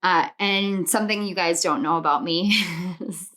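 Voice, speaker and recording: A woman's voice: lowish voice, steady tone, normal speed, a bit bright. A woman giving a spiritual pick-a-card tarot reading. She speaks earnestly and reassuringly, stacks affirmations in rhythmic lists and drifts into personal tangents. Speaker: tarot reader.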